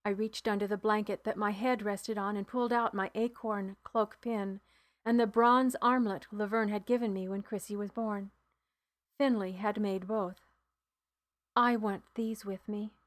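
A woman narrating a novel in the first person, in a measured, hushed storytelling manner. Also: medium pitch, fairly even intonation. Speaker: audiobook narrator.

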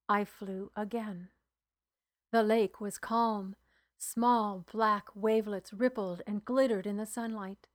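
Slow, hushed woman narrating a novel. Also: medium pitch, steady tone. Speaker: audiobook narrator. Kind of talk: first-person audiobook narration.

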